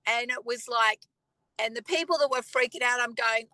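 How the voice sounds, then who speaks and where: A woman sharing a personal faith testimony in an earnest, conversational way, pausing and clearing her throat now and then. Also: on the high side, bright, forceful tone, dry recording, poor audio. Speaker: faith speaker.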